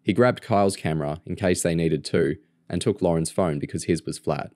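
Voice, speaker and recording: Man reading a novel aloud, very low voice, steady storytelling, dry close-miked sound. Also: a little fast, dry recording. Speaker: audiobook reader.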